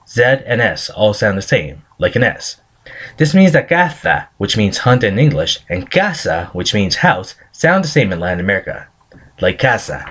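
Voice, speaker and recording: A man's voice: fairly low pitch, fairly bright tone, slightly rough. A man reading a scripted screencast presentation, carefully sounding out pronunciation examples. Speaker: student presenter.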